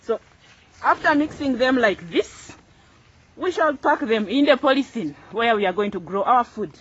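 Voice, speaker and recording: A woman's voice: on the high side, lively intonation, normal speed, a little hiss or hum. A woman farmer hosting her own channel, showing in a casual tutorial how to plant crops outdoors. She repeats phrases as she works with her hands and keeps her tone upbeat and instructive. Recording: dull lo-fi recording.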